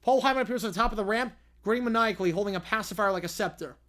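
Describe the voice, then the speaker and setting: A high-pitched male streamer narrating fan stories aloud, snapping between the story and his own quick reactions. The delivery is animated and brisk. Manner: quick, animated reading with asides. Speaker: livestream host. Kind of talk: reading viewer stories with commentary.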